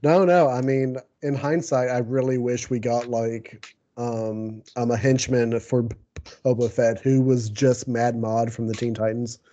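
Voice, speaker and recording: A man talks casually on a podcast, rambling through his points and laughing under his breath. His voice is mellow and soft-edged, at an ordinary pitch. The recording sounds a little dull and lo-fi. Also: fairly even intonation, a little slow. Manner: rambling, chuckles often. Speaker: podcast co-host. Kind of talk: casual chat about a TV show.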